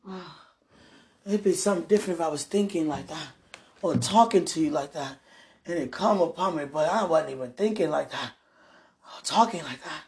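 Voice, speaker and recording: A woman lying in bed, praying aloud in a moaning, pleading way, drifting between hushed whispers and loud protests. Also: deep voice, moderate pace. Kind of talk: emotional spoken prayer monologue.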